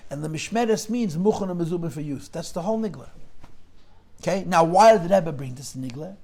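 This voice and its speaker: High-voiced man teaching a Torah class. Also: animated, normal speed, darkish tone. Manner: mixes English with Yiddish and Hebrew terms, questioning.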